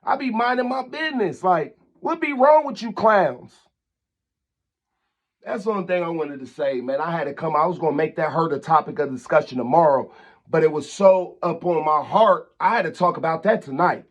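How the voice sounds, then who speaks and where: Guy ranting on his vlog, high-ish voice, heated and scolding, keeps repeating himself. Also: normal speed, highs cut off. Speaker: channel host. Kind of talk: angry vlog rant.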